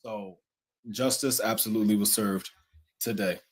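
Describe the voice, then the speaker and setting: A man co-hosting a casual chat, relaxed and jokey. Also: fairly low pitch, moderate pace, rough recording.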